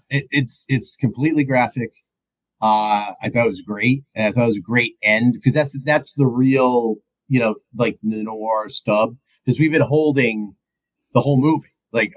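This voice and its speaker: A man's voice: fairly low pitch, rough recording. Laid-back man recapping a movie. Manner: laughs often while retelling scenes. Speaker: podcast co-host. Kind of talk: casual movie recap chat.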